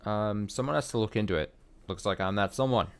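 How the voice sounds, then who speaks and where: Brief: male let's play host, lowish voice, halting read of game choices. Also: clean tone. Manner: hesitant, with frequent uhs and ums. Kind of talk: reading game dialogue aloud while playing.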